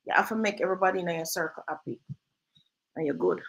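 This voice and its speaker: A woman hosting a casual real estate chat, telling lively stories and slipping into patois. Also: on the low side, fast, rough recording. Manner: lively storyteller, drifts into patois. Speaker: real estate agent and host.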